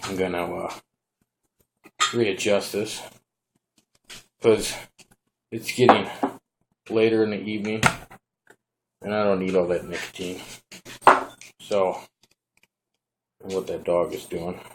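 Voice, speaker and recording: Low-voiced man reviewing gear casually. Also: slow pace, pauses often, heavy background noise. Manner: relaxed, rambling, talks to the camera while handling the device. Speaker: product reviewer. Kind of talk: casual hands-on product review.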